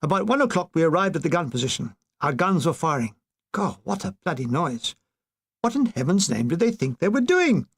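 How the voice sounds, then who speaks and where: Man reading a comic war memoir, deadpan. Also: a little high, brisk, husky. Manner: dry, deadpan comic delivery. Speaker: audiobook reader.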